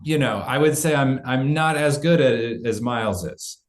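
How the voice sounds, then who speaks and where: A man actor in an interview, joking in a self-deprecating, halting way. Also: medium pitch, animated, echoey room, a crowd in the background. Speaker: actor guest. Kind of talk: video interview answers.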